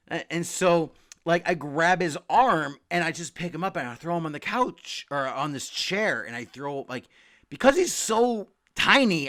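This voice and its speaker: A young man talking casually about comics, rambling, swearing freely and loudly acting out quotes. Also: a little high. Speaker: comic book podcast host. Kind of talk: casual comic review rant.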